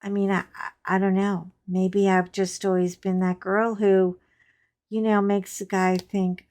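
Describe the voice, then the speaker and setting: A woman chats while she crafts, spinning lively, frank anecdotes for her viewers. She talks slowly and takes her time, at a middle pitch. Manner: chatty, animated storyteller with frank asides. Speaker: crafting channel host. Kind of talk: casual storytelling chat while crafting.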